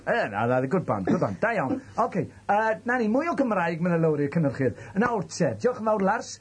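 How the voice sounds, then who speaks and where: A man's voice: sits high, big pitch swings, a little fast, slightly rough. A man with a Welsh accent hosting a radio show, teasing guests and rambling between Welsh and English. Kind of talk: chaotic bilingual radio banter. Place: radio studio.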